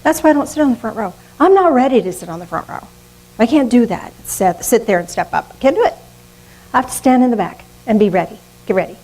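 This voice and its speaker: An older woman preaching a sermon in a lively, conversational way, often laughing at herself. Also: fairly high pitch, quick pace, rough recording. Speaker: minister.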